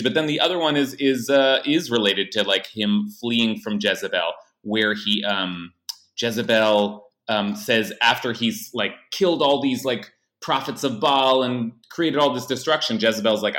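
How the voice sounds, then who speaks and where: A man's voice: mid-range voice, a bit bright, echoey room. A man co-hosting a casual podcast chat, rambling and hesitant, full of fillers and restarts. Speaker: podcast co-host.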